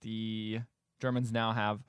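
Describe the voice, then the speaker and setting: A man's voice: lowish voice, level tone, slow, clear, resonant tone, no echo, clean studio sound. A man co-hosting a podcast, retelling a movie's plot in a sarcastic, exasperated way with casual swearing. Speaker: podcast co-host recapping a movie. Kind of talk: casual chat.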